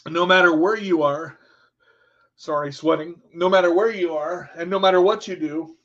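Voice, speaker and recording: A man's voice: sits high, fairly bright tone, dull audio. A man hosting a radio show, giving an earnest, rambling motivational monologue with repeated words.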